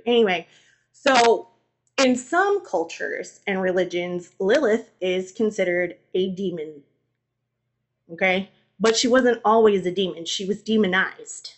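A young woman co-hosting a podcast, retelling old stories in an animated, slangy, comedic way. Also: mid-range voice. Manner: animated, slangy, acts out voices. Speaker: podcast co-host. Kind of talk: comedic storytelling.

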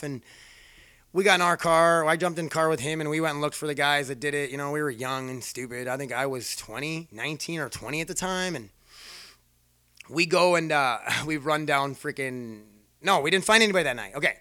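A man's voice: fairly high pitch, brisk, pushed and bright, no echo, clean studio sound. A man casually telling a rambling personal story, swearing freely and poking fun at himself. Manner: profane, rambling, self-mocking.

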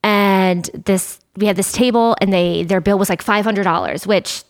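A woman's voice: mid-range voice, fairly even intonation, moderate pace. A chatty woman in her thirties, a podcast guest telling restaurant stories with a mid-range voice. She talks casually and laughs easily between points. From Ohio. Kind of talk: casual chat.

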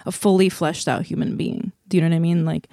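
A woman who grew up in Asia, co-hosting an interview in a relaxed conversational way. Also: fairly low pitch, fast, creaky, no room sound, clean studio sound. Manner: conversational, frequent backchannel agreement. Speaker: podcast co-host. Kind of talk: casual interview chat.

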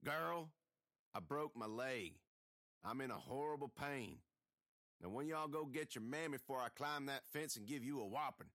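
A man voicing an injured grown drifter with a thick, rough voice and a gruff rural drawl. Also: medium pitch, fairly even intonation, a little fast, bright, forceful tone, no room sound, studio quality.

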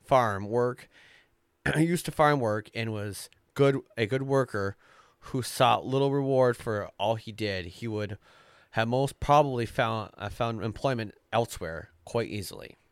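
A man hosting a casual podcast, reading folk tales aloud slowly with frequent fillers and stumbles and the odd curse. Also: mid-range voice, gravelly, smooth, dry recording, studio quality. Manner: slow, stumbling read-aloud with filler and cursing. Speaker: podcast host. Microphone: close podcast mic.

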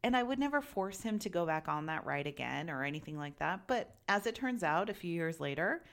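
Woman, 30s, lowish voice, casual chatty parent, animated and quick to laugh. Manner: chatty, animated, laughs often, self-correcting. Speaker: parent giving travel advice. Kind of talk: casual chat.

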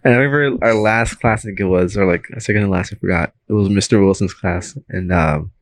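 A man's voice: fairly low pitch, expressive, fairly quick, vocal fry, no room sound. A young man hosting a podcast in casual chat, rambling through stories, swearing and laughing often. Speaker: podcast host.

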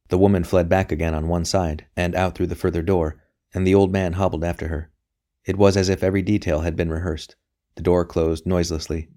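A man narrating a novel as an audiobook reader, in a steady, even delivery. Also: low-pitched. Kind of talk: scripted narration.

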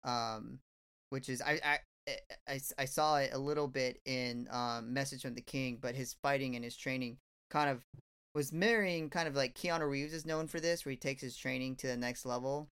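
A man on a podcast, chatting casually and excitedly about movies, with lots of fillers and restarts. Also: medium pitch, normal speed, clear, resonant tone. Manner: enthusiastic, rambling, many fillers. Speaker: podcast host. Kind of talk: casual film review chat.

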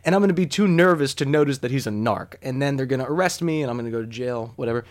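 A man telling a comic personal story in a self-deprecating way, swearing casually and swinging between hushed asides and loud outbursts. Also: medium pitch, animated, rapid-fire.

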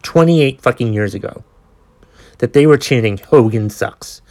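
A man's voice: mid-range voice, animated, moderate pace, a little mellow. A man in his forties hosting a podcast, telling a long story in a casual, ranting way with plenty of swearing and exasperation. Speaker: podcast host.

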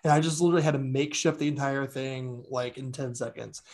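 A man co-hosting a horror podcast, telling stories in a casual, animated way, laughing often and mimicking other people's voices. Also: medium pitch, fast. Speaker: podcast co-host. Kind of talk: casual chat.

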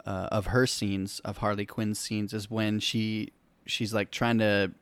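A man in casual movie talk as co-host, excitable and quick to laugh. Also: on the low side, clear, resonant tone, dry recording.

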